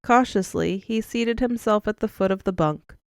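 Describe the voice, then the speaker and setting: A woman narrating an audiobook in a measured, expressive storytelling manner, close to the mic. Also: mid-range voice, smooth, no echo. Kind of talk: scripted narration.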